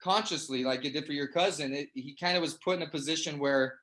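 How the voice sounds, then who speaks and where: A man's voice: a little high, quick pace, fairly bright tone. A man hosting a sales testimonial call, enthusiastic and full of praise, ending phrases with "man". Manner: enthusiastic, repeats "man" a lot. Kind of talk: energetic pep-talk interview. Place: online group call.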